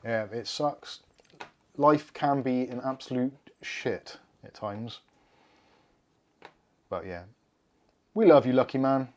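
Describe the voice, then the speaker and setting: This is casual livestream chat from a man with a Bristol accent who runs a tech stream from his desk, with a laptop and cameras around him, joking and swearing without restraint. He talks slowly at a medium pitch and leaves long pauses.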